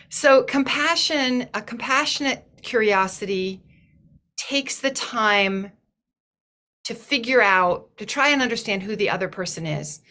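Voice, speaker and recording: A woman's voice: fairly high pitch, animated, measured pace, pauses often, bright, forceful tone. A woman giving a thoughtful, earnest talk in a webinar, often restarting her phrases as she works through an idea. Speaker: webinar guest speaker.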